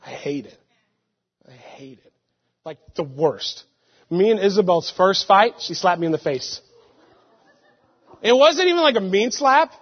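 Young male pastor, lively storytelling sermon, muffled recording. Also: high voice, measured pace, pauses often, breathy edge. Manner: animated, laughing storytelling with sudden loud outbursts. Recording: muffled sound with long hall reverb.

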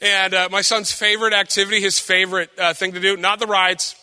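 A man's voice: high voice, flat delivery, a little fast, bright, forceful tone. A young man preaching a casual sermon, chatty and joking, asking the congregation questions. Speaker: pastor. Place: church hall with long reverb. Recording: reverberant church hall.

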